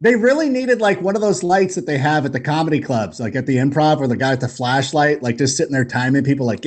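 A man chatting as a podcast guest, telling jokey stories in an animated way. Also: on the high side, fast talker, hardly any pauses. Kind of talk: casual storytelling chat.

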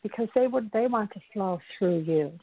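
A woman from Newfoundland with a Newfoundland accent, giving calm, gentle spiritual advice on a call-in show. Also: mid-range voice, moderate pace. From Newfoundland, Canada. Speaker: spiritual show guest host. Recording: dry tinny phone line.

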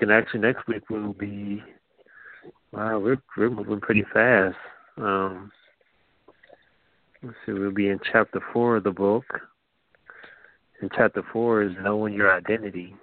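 Soft-spoken man teaching over a phone line. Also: lowish voice, flat delivery, no echo. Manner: soft-spoken, halting, with frequent restarts and laughs. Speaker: teacher and host.

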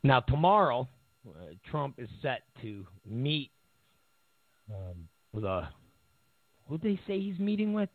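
A man's voice: medium pitch, sing-song, slow, long pauses, no room sound. A man hosting casual political commentary who mocks his opponents, repeats his points and laughs at his own remarks. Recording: tinny phone-like audio.

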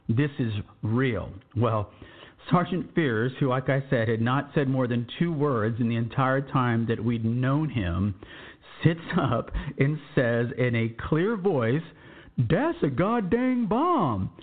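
A man in his fifties from Texas tells his own war memories, wandering into asides and correcting himself as he goes. His voice sits at an ordinary pitch and comes through a thin, phone-like recording. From San Antonio, Texas. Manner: conversational, digressive, with asides. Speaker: veteran podcast storyteller. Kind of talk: first-person war storytelling. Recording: tinny phone-like sound.

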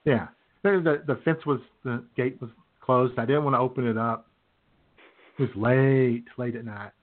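A man's voice: medium pitch, fairly even intonation, normal speed. Rambling man on a tinny line. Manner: rambling storyteller, laughs at own stories. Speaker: podcast host. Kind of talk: casual chat. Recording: tinny phone-like audio.

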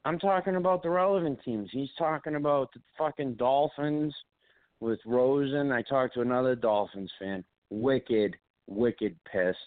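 Ranting sports-talk host on a tinny line. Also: male voice, medium pitch, measured pace, dry recording. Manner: profane, ranting, mimics others in quotes. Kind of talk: casual sports radio banter.

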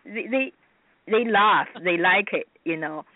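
Heard over a dry, tinny phone line, a Chinese woman whose native tongue is Mandarin is interviewed on radio as a guest actress. Her medium-pitched, accented speech comes in halting bursts with frequent restarts and simple non-native grammar, and the recording is dry.

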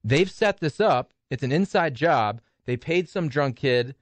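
A man co-hosting a sports talk radio show, pushing a theory in a lively way. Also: a little slow, no echo. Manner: lively, pitches a conspiracy theory. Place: radio studio.

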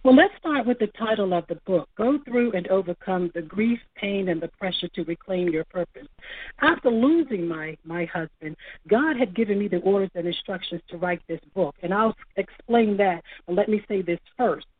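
A woman's voice: mid-range voice, animated, moderate pace, no room sound. A middle-aged woman giving an emotional personal testimony in a preacherly way, repeating phrases for emphasis. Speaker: author guest. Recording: tinny phone-line sound.

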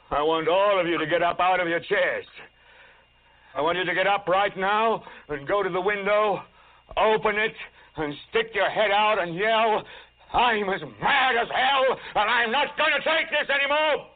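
An actor playing a furious older TV newsman, speaking a film monologue that builds from low brooding to shouted outrage. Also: a little slow, pauses often. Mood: impassioned. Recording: tinny phone-like audio.

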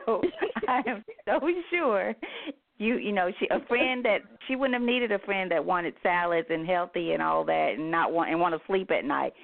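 A woman's voice: on the low side, fairly quick, gravelly, hardly any pauses. A woman hosting a casual interview, speaking in a motherly way and laughing between thoughts. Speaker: host. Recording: tinny phone-line sound.

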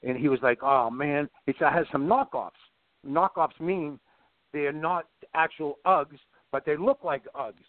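A middle-aged man with a somewhat high voice rambles through a long story, repeating himself and hopping between asides. He comes through a thin, tinny phone-like line. The sound is dry and close. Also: a little slow, no echo. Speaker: guest. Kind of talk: casual storytelling.

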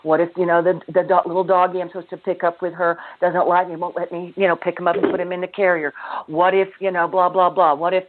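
A woman with a somewhat low voice tells a personal story as a guest, earnest and lively, with a small laugh here and there. The sound is thin and tinny, like a phone line. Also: quick pace. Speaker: author and self-love teacher, guest. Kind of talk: conversational interview storytelling.

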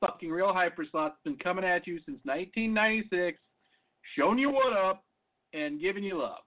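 A middle-aged man hosting a comedy show, rambling and self-mocking, with loud hype bursts. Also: high voice, expressive, brisk. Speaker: comedy podcast host. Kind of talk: comic monologue. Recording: phone-like lo-fi audio.

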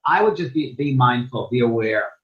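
Earnest and lively in intonation, this spiritual medium and teacher chats casually in an interview at normal speed and medium pitch. His phrases often get repeated or restarted, captured in dull, lo-fi audio.

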